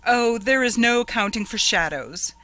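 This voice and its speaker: A woman's voice: fairly high pitch, animated, normal speed, a bit bright, voice pushed up. A woman voicing a man who covers his fear with forced, easy-going talk. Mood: forced ease. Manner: forced breeziness. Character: blustering man, brother-in-law with forced easy laugh.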